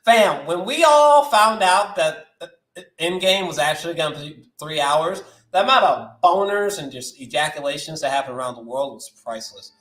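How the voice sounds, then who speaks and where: Excitable, profane young man in an echoey room. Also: normal speed. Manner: excitable, profane, slangy, voice jumping high when worked up. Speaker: movie news host. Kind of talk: animated live-stream rant.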